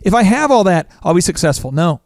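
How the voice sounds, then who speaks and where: A middle-aged man from Oklahoma hosting a podcast, telling stories in an animated, self-mocking way. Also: high voice, a little fast, dry recording, clean studio sound. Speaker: podcast host. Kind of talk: casual chat.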